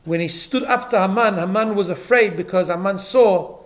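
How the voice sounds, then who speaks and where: A man's voice: high voice, normal speed. A man teaching a Torah class, emphatic, often repeating words and checking in with "right?". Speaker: rabbi.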